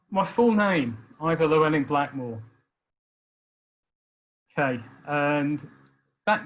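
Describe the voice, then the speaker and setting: A man in his sixties from Birmingham with a Birmingham accent, talking about his life in a thoughtful, hesitant way with many pauses and restarts. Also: a little high, fairly bright tone, low-quality recording. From Birmingham, England. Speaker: speaker sharing life experience. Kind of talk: reflective personal talk.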